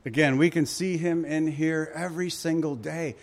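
A man's voice: a little high, steady tone, normal speed. A man preaching a sermon, reading scripture and telling stories with acted quotes, his volume and pace swinging widely. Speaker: pastor.

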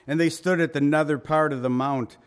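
A man's voice: fairly high pitch, steady tone, fairly quick, smooth. A man preaching a sermon, reading scripture and telling stories with acted quotes, his volume and pace swinging widely. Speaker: pastor.

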